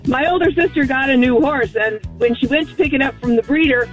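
High-voiced woman caller, muffled line. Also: brisk, soft background music. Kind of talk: telling a joke on the phone.

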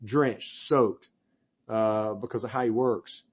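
A man's voice: fairly low pitch, steady tone, slow, slightly rough, muffled recording. A man, a head football coach, answering press conference questions with enthusiasm, rambling and restarting his sentences.

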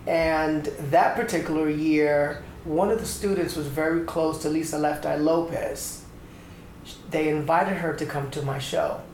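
A middle-aged man from Atlanta, Georgia, a choreographer and dancer telling his story in an interview, animated, acting out the voices he quotes. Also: fairly high pitch, a little slow. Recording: echoey room with faint background noise.

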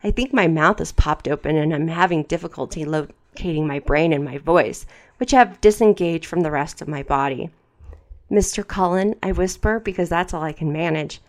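A woman with a slightly low voice reads fiction aloud for her podcast, leaning into the drama of the text. She keeps cutting in with dry, sarcastic asides that mock what she is reading. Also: normal speed. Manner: wry, mocking asides between read passages.

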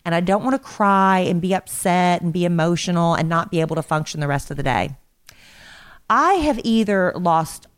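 A woman with a somewhat low-pitched voice co-hosting a casual chat podcast. She tells the story in a relaxed, chatty manner, plainly and without fuss. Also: clean tone. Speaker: podcast co-host.

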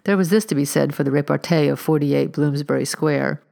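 A woman narrating a storybook in a measured, wry manner. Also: deep voice, creaky, mellow. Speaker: audiobook narrator. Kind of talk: scripted narration.

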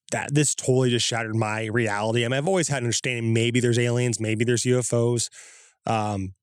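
A man's voice: no room sound, clean studio sound. A man casually telling a first-hand story as a guest, recorded outdoors in the woods, acting out his own quoted reactions. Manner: animated, acts out his own quoted reactions with rising pitch.

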